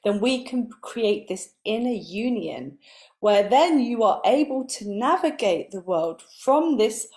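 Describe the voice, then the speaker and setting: A woman's voice: fairly high pitch, animated, takes it slowly, darkish tone. Earnest woman coaching in layered lists. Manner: earnest, builds repetitive lists. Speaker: spiritual coach. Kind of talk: live motivational talk.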